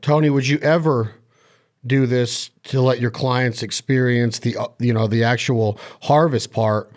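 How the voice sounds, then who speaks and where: A man hosting a podcast, asking eager, halting questions with lots of restarts. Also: medium pitch, fairly even intonation, darkish tone. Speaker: podcast host. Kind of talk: casual chat.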